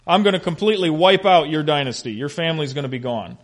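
Animated man teaching a Bible lesson. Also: a little high, fast. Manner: animated, questioning the class, humorous.

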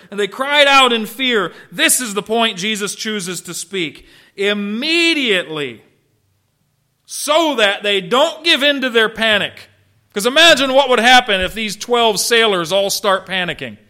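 A man's voice: on the high side, sharp tone. A man preaching a sermon, emphatic, with rhetorical questions and dry humor. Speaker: pastor.

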